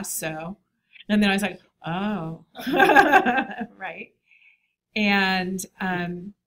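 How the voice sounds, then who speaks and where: A woman's voice: medium pitch, fairly bright tone. A woman teaching a design class, talking in a chatty, enthusiastic way. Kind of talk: classroom lecture.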